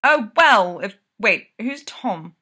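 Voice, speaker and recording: A woman reading a story, voicing an excitable young man, a hockey player, who exclaims and gets easily rattled. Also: medium pitch, takes it slowly, breathy edge, full character voice. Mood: exasperated.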